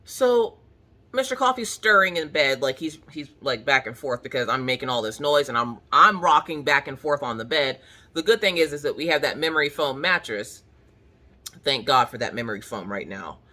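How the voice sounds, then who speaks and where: Bright-voiced woman telling a story. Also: deep voice. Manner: animated, acts out her own reactions, lots of "like". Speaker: crafting channel host. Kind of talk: casual storytelling to viewers. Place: at home.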